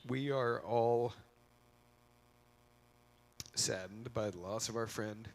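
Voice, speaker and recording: A middle-aged man with a mid-range voice takes his time delivering a casual memorial speech in a convention hall. Holding a mic, he rambles and jokes through stories, acting out the quotes.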